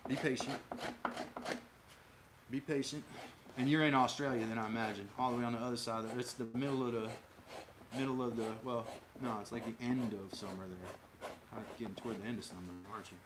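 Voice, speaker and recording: A man's voice: mid-range voice, steady tone, fast. A man from Minnesota hosting a casual livestream, chatting with viewers and answering their comments aloud in a rambling way, with many fillers and restarts. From Minnesota, USA. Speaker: livestream host. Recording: loud background noise with clicks.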